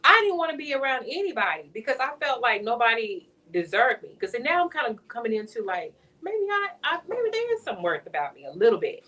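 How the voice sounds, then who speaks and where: A woman speaks in a lively, swooping voice that sits a little high. She tells a heartfelt personal testimony in a relaxed conversational interview. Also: a little fast, hardly any pauses, far from the mic. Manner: emotional testimony, animated storytelling. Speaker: author guest.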